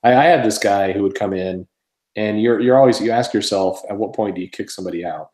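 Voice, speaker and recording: A man's voice: lowish voice, quick pace, a little mellow, reverberant. A man who owns a comic shop, chatting casually and telling rambling stories with plenty of swearing and laughter. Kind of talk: casual podcast chat.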